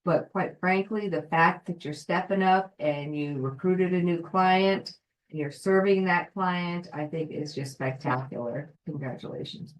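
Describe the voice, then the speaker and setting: A woman's voice: on the low side, a little slow, poor audio. Encouraging woman coach on a video call. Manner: encouraging, addresses listeners by name. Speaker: life coach. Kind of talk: live coaching call, reading a book aloud.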